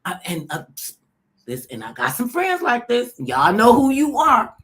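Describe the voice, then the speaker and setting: Lively woman host, animated storyteller. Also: fairly high pitch, measured pace. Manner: animated storyteller, acts out voices. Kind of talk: casual chat.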